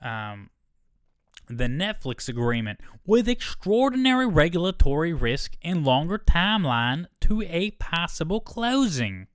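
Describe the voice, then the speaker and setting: A man's voice: fairly high pitch, very animated, measured pace, smooth, no room sound. A man hosting a solo podcast. He reads a news article aloud and stops often for casual asides and self-corrections. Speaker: podcast host.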